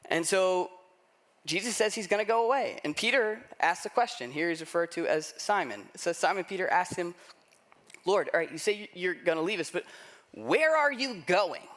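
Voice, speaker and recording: A man preaching a sermon, telling a story in a lively, conversational way and acting out the people he quotes. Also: sits high, normal speed. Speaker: pastor.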